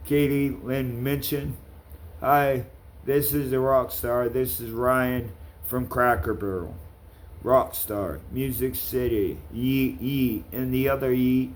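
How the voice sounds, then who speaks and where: A man's voice: medium pitch, steady tone, slow, slight background noise. A man ranting to camera in a vlog, calling out people by name, with blunt, profane talk. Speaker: vlogger.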